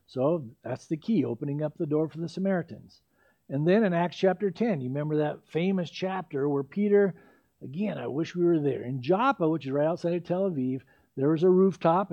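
A man preaching a sermon, telling the story in a lively way with playful asides. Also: a little high, muffled recording.

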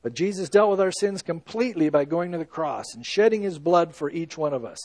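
A man preaching with earnest emphasis, his fairly high voice rising to loud stresses and dropping to hushed, slow lines. The sound is dry and close, with no room echo. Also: animated. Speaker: pastor. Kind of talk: sermon.

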